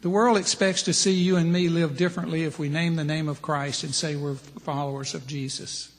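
A man's voice: on the high side, fairly even intonation, brisk, big-room sound. A middle-aged man preaching a plain-spoken sermon to men, listing his points one by one. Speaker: preacher at a men's ministry.

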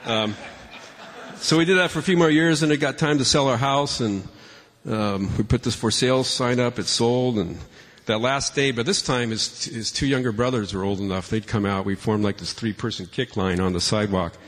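A man's voice: medium pitch, moderate pace, fairly bright tone. A man telling funny family stories to an audience, chatty and self-mocking, often restarting his sentences. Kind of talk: personal storytelling talk. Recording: long reverb from a large hall.

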